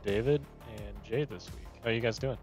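A man's voice: fairly low pitch, moderate pace, a little mellow, soft background music. A man hosting a casual podcast, upbeat and full of fillers. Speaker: podcast host.

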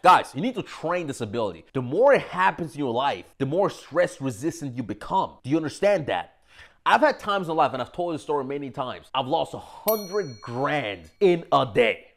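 A man's voice: on the high side, sing-song, brisk. A man giving a brash, profane motivational rant who keeps slipping into mocking voices. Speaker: motivational speaker.

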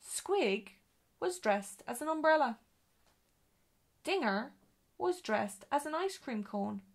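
A woman reads a children's storybook aloud, her voice gravelly and somewhat high. She reads at an ordinary pace and now and then stumbles and corrects herself. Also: expressive, slow. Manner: reading with occasional slips and self-corrections.

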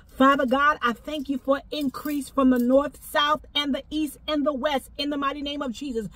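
A woman giving a fervent prophetic exhortation, repeating phrases and breaking into shouts of praise. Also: a little high. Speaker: prophetic minister.

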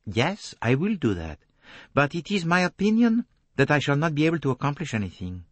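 A man's voice: a little high, wildly swooping pitch, dry recording, pitched above the performer's own voice. A man voicing Poirot, precise and probing. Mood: gentle. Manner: precise, measured, courteously relentless. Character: fastidious middle-aged male Belgian detective, probing, gently insistent. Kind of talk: audiobook character reading.

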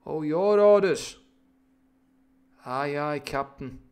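A man's voice: on the high side, slow, darkish tone, smooth. A man doing a wily, obliging ship's cook.

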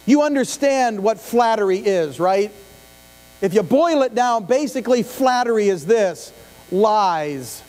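In a church sanctuary, a middle-aged male pastor with a high-sitting, darkish voice delivers an expressive, slightly slow conversational sermon. He asks the congregation questions and tosses in asides; the live stream carries long reverb and mains hum.

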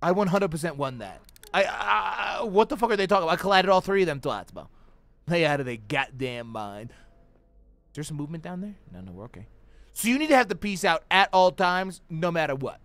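A young man doing loud, profane let's-play commentary on a horror game, screaming at jump scares. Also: fairly high pitch, very animated, fairly quick. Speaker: gaming streamer.

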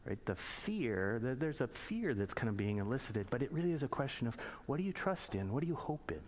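A man preaching a sermon in a church, reading scripture slowly and then explaining it in plain conversational asides and pointed questions. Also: mid-range voice, big pitch swings, a little mellow. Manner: asks the congregation pointed rhetorical questions. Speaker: pastor.

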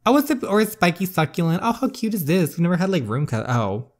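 A man playing through a story game on his channel, giving sassy, expressive commentary. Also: sits high, fast. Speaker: gaming YouTuber.

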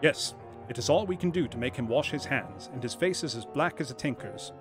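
A man doing a bluff, loud police inspector. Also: medium pitch, expressive, brisk, over music, lightly acted. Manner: loud, bluff, matter-of-fact. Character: hearty blunt male police inspector.

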